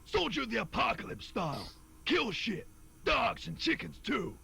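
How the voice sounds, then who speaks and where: An actor playing a crude, drunk, vicious mercenary in a video game, boastful and foul-mouthed. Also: male voice, very high voice, huge pitch swings, moderate pace, gravelly, sharp tone, slightly rough, full character voice. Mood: snarling.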